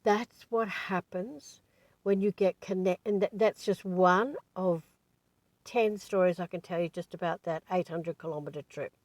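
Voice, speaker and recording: Woman, low voice, dry close sound, casual rambling storytelling. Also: fairly even intonation, a little slow, darkish tone, no echo. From Australia. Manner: chatty, digressive storytelling with many asides. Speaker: spiritual teacher.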